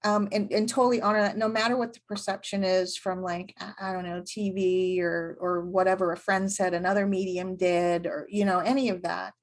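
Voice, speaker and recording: A woman co-hosting a podcast, talking in a thoughtful, searching way with frequent pauses. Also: mid-range voice, level tone. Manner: thoughtful, many fillers and restarts. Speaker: podcast co-host, medium. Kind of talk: reflective casual chat.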